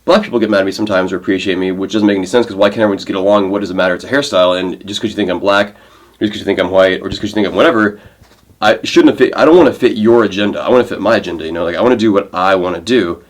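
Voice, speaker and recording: A man's voice: low-pitched, racing. A young man chatting casually to camera in his vlog, rambling and telling stories with lots of fillers and restarts. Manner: rambling, animated storytelling with many fillers and restarts. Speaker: vlogger.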